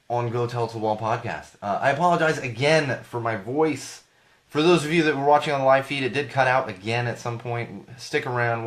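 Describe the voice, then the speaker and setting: A man in his thirties with a hoarse voice from a cold, hosting a podcast in a casual rambling monologue that repeats phrases for emphasis. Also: fairly low pitch, fairly bright tone. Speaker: podcast host.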